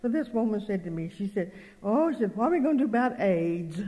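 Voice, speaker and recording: A woman's voice: fairly low pitch, expressive, fast, mellow. An older woman giving a folksy sermon, telling stories and acting out both sides of conversations with earnest emphasis. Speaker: speaker at a religious meeting. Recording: long reverb of a hall.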